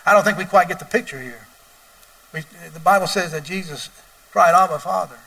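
A male pastor preaching a sermon, moving from quiet storytelling to loud, wailing emphasis. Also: high voice, brisk, far from the mic.

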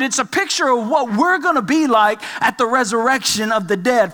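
A man's voice: very high-pitched, animated, a little fast, few pauses, sharp tone. A man preaching a sermon as pastor, emphatic and building with repeated phrases.

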